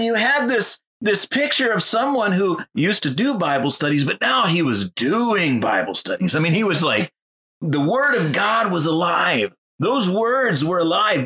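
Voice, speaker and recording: A man recounting a missionary testimony, animated and acting out the people he quotes. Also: sits high, unhurried. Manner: animated, acts out quoted voices. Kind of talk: storytelling testimony.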